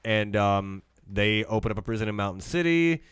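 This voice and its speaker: Smooth low-voiced man. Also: lively intonation, moderate pace, fairly bright tone, dry recording, studio quality. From Memphis, Tennessee. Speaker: talk show co-host. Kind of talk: casual chat.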